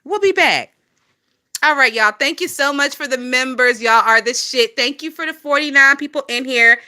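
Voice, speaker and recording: A woman's voice: high voice, normal speed, sharp tone. A woman in her twenties with a Southern US accent, chatting casually on a phone livestream, swearing and laughing often as she gossips. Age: 20s.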